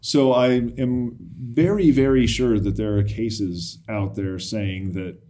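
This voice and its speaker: A man co-hosting a podcast, chatting in a playful way and reacting quickly with surprise. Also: fairly low pitch, dark tone. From United States. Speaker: podcast co-host, labor lawyer. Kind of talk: casual podcast chat.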